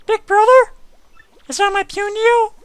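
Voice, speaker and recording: A man voicing a small young female creature with a squeaky cartoonish voice. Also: little pitch movement, measured pace, a bit bright, no echo. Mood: relieved.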